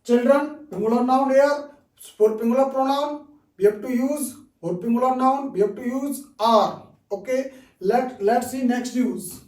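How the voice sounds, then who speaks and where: Slow, high-voiced male English teacher. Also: a little mellow, reverberant, far from the mic, low-quality recording. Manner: slow and patient, repeats each example, frequent "okay". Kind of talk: grammar lesson for beginners.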